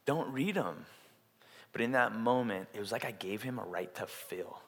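A man preaching a sermon in a casual, animated way, acting out quotes as he tells stories. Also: fairly low pitch, a little fast. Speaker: pastor. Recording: long hall reverb.

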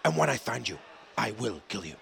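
Bloke doing a cold menacing action-hero guy, low slow threats, gravelly edge. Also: very animated, fairly bright tone, slight background noise, exaggerated voice. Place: football stadium stands, outdoors.

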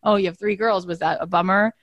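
Woman in her thirties, middle pitch, lively chat host who acts out every quote; dry, close recording. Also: quick pace, dry recording. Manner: animated storyteller who acts out quotes in a higher voice. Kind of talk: casual chat.

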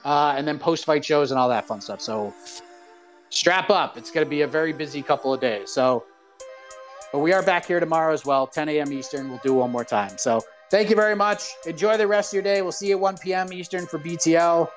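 A man hosting his own fight-sports podcast, talking in a casual, excited, rambling way with slang. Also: on the high side, fairly quick, faint music behind. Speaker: podcast host. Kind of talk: casual solo show talk.

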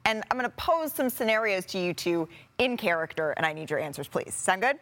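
A woman hosting a sports talk podcast, upbeat and brisk as she moderates a playful role-play segment. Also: mid-range voice, big pitch swings, a bit bright. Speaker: podcast host.

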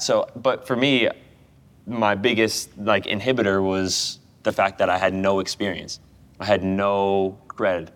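A man from the United States in his thirties talks casually as a podcast guest. His voice sits a little low, and he tells long, easygoing stories. He laughs often as he goes. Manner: chatty storyteller, laughs often. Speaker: guest goalkeeper. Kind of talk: casual chat.

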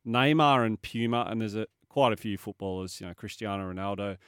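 A man with a low voice and an Australian accent chats easily on a breakfast sports radio show, reading out listener texts. His tone is smooth and resonant. The studio sound is dry and close. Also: a little fast, a bit bright, no echo. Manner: chatty, reads listener texts aloud. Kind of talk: casual radio chat.

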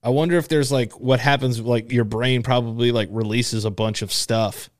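A man's voice: medium pitch, fairly even intonation, moderate pace, dry recording, studio quality. A man co-hosting a podcast, chatting casually and cracking jokes. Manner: joking interjections, laid-back. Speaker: podcast co-host. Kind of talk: casual chat.

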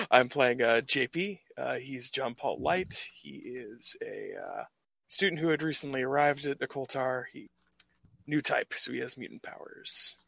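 Gravelly-voiced joking American man. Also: mid-range voice, lively intonation, measured pace, a bit bright, no room sound. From United States. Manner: jokey, laughs often. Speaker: guest podcaster, player. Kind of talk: casual chat.

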